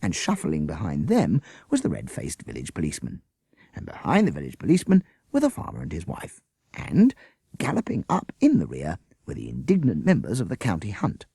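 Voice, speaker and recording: A man reading a children's storybook aloud with a lively, expressive delivery. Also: low-pitched, a little fast, vocal fry, husky, no echo, studio quality. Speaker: audiobook reader. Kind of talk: storybook narration.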